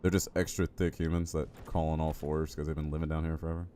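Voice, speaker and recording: A man's voice: extremely low pitch, little pitch movement, fast, warm tone, slight background noise. A man streaming a game live, chatty and jokey, reacting to the game and talking to his chat. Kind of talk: live gameplay commentary.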